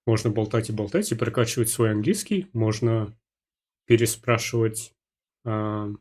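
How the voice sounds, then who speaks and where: A young man hosting a casual chat, speaking English haltingly and switching to relaxed commentary. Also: lowish voice, slightly rough. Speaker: English teacher, host.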